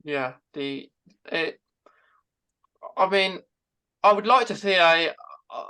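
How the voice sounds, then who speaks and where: A man, a podcast guest, talking in a halting way with many repeated words. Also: fairly high pitch, animated, sharp tone, clean tone. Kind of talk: casual chat.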